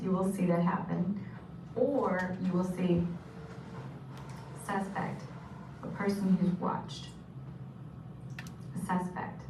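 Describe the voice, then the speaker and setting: A woman teaching sign language vocabulary, patiently saying each term and repeating it. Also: lowish voice. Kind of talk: instructional explanation. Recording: echoey room from a distance with noise.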